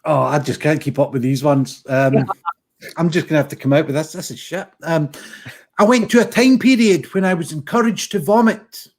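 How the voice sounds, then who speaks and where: A man's voice: fairly high pitch, normal speed. A Scottish man from Scotland telling puns on a video call, self-deprecating and swearing casually. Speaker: comedy guest.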